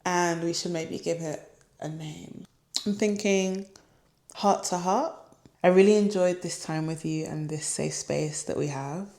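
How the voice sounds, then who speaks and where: A woman's voice: fairly low pitch, measured pace, a little mellow, roomy sound. A young woman vlogger in casual, candid talk to camera, emotional and open, with many fillers. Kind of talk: casual reflective chat to camera.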